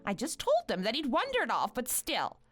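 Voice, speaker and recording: A woman voicing a scheming, rude young mother, speaking in a mocking, condescending and bossy way over soft music. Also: a little high, wildly swooping pitch, normal speed. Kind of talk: animated story voice acting.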